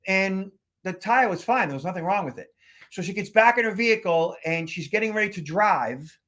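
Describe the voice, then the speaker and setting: High-voiced man telling stories. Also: animated, a little fast, a bit bright. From Boston area, USA. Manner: rambling anecdotes with frequent fillers. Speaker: podcast co-host, security consultant. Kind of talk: casual storytelling chat.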